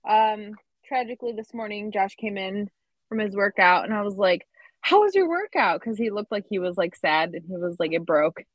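A woman's voice: mid-range voice, fairly even intonation, a little fast, no room sound, low-quality recording. A woman co-hosting a podcast, telling a story in casual chat with lots of fillers. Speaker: podcast co-host.

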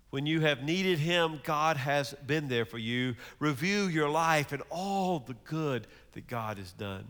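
A man preaching a sermon as pastor, telling stories with big swings between loud and hushed, in a church sanctuary. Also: medium pitch, clear, resonant tone, long reverb tail.

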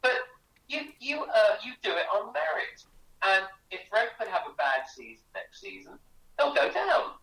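A man's voice: high voice, wildly swooping pitch, normal speed, bright, forceful tone, echoey room, distant mic, soft background music, rough recording. A man, a guest author on a radio interview, telling chatty anecdotes with many restarts. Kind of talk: animated storytelling in a radio interview.

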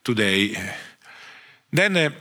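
A man with an Italian accent giving a conference lecture, speaking haltingly with frequent restarts and fillers. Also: on the low side, very animated, sharp tone. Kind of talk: conference talk.

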